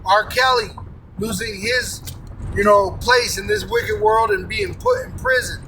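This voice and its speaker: A man preaching an angry, profane fire-and-brimstone sermon, often breaking into shouts, recorded from a distance. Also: high voice, unhurried. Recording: distant mic with faint background noise.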